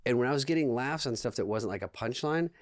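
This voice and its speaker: A man telling deadpan anecdotes as a podcast guest, in casual chat full of quoted dialogue. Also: medium pitch, quick pace, no room sound, clean studio sound. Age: 20s.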